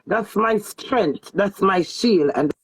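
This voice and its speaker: A woman with a Jamaican accent giving a heated, emphatic livestream rant to her viewers, swinging from loud bursts to low mutters. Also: animated, slow pace, husky. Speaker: online personality.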